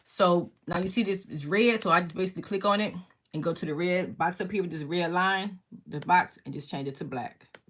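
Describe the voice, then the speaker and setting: A woman teaching a crafting tutorial in a casual, fast-talking way, often checking in with the viewer by asking "okay?" as she walks through each step from her home craft workspace. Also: fairly low pitch, a bit bright. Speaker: crafting instructor. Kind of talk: casual screen-share tutorial.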